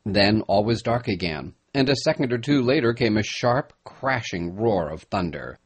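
A man narrating a storybook chapter in a measured storytelling voice. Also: fairly low pitch, lively intonation, breathy edge. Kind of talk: audiobook narration.

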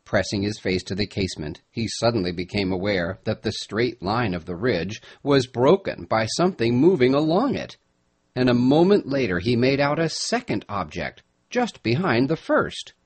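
Man, audiobook narration, husky, lively pitch, measured storytelling.

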